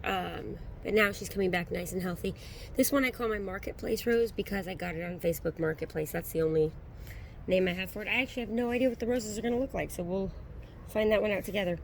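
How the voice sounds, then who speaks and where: Woman, thirties, casual garden tour vlog, relaxed and chatty, mid-pitched voice, phone mic outdoors, faint background hiss. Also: fast talker, creaky. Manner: chatty, relaxed, with frequent ums. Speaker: gardening vlogger.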